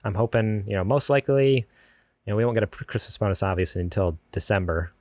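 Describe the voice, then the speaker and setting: Low-voiced man rambling on a podcast. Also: fast talker, darkish tone, no echo. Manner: rambling, frequent fillers and restarts. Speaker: podcast co-host. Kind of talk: casual podcast chat. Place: home garage with door open.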